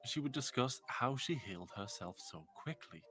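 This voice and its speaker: A man doing scripted documentary-style narration in a measured, storytelling way. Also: mid-range voice, animated, a bit bright, a little hiss or hum.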